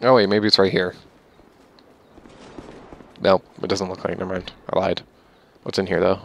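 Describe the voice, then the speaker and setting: A man's voice: low-pitched, fairly even intonation, moderate pace, vocal fry, pauses often, slight background noise. A young man giving rambling, casual gameplay commentary, swearing at enemies with mock-angry outbursts. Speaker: gamer.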